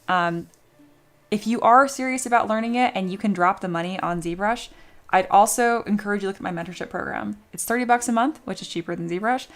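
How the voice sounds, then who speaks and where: A woman streaming a 3D sculpting tutorial in a chatty, joking way, explaining her steps and answering viewers. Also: mid-range voice. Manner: chatty, jokey, reads chat aloud. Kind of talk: live-stream tutorial chat.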